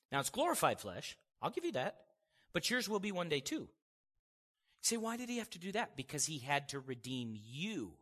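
Animated preacher man, bright and echoing. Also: a little high. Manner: animated, conversational preaching with frequent chuckles. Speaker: pastor. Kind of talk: sermon. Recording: long hall reverb.

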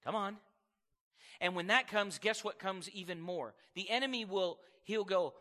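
A man preaching a sermon as pastor, animated and acting out little voices to make his points. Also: sits high, normal speed, long reverb tail. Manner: animated preaching, acts out voices of God and people.

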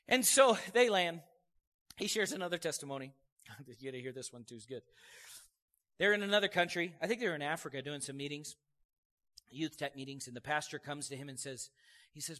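A man's voice: on the high side, a little fast, long pauses. A male pastor preaching a sermon, telling stories with energy and calling out "amen" to his congregation. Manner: storytelling, animated, calls "amen" to congregation. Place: church sanctuary.

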